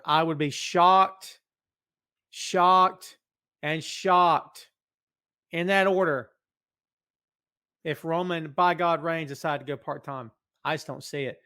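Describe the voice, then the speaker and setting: Man, middle-aged, live podcast host, hyped, chatty, fairly high voice. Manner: animated, hyped, talks to chat directly. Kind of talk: live wrestling podcast, reading chat. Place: home office.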